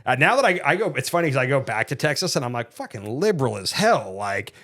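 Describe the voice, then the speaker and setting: Casual dad host from Ohio, mid-pitched, wanders through anecdotes and trails off at the ends. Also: male voice, big pitch swings, fast talker, a bit bright. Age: adult dad. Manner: rambling storyteller, trails off with "so, anyhow". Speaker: podcast co-host. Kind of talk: casual chat.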